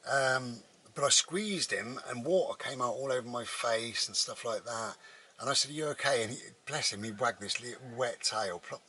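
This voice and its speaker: A man's voice: medium pitch, bright, forceful tone, a little hiss or hum, low-quality recording. A man, a vlogger, telling a personal story in a rambling, casual way with many restarts. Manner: rambling, with frequent restarts and fillers.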